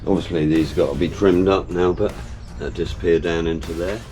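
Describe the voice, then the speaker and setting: A man's voice: sits low, fairly even intonation, fairly quick, a little mellow, faint music behind. A man chatting casually as he works in his workshop, explaining each step with the odd joke. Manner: chatty, jokey, explains while working. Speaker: car builder vlogger. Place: home workshop.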